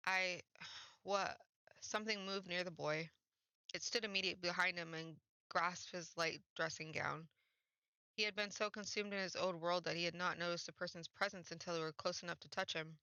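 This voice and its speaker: A woman streams her reading of a visual novel and narrates expressively, breaking off for short reactive asides. Her voice is bright and crisp and sits a little low for a woman. The recording is dry and slightly dull. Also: fairly even intonation, normal speed, no room sound.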